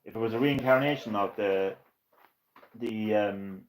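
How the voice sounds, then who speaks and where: A man streaming retro games live, ranting and swearing with bursts of excitement and laughter. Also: on the low side, measured pace, poor audio. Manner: ranting, profane, excitable, laughs at own jokes. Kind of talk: casual live-stream chat.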